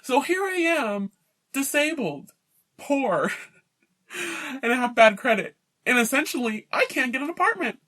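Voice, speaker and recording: A woman's voice: high-pitched, sing-song, measured pace, long pauses, fairly bright tone. Indignant woman ranting to camera. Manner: indignant, emphatic, mocking impressions of landlords. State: worn out. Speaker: vlogger. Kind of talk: personal rant to camera.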